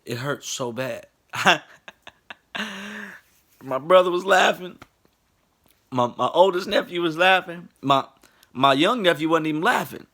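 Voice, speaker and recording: Bright-voiced man telling a funny story. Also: a little high, unhurried, long pauses. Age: late 20s. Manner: animated, laughs through the story, acts out quoted people. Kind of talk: casual comedic storytelling.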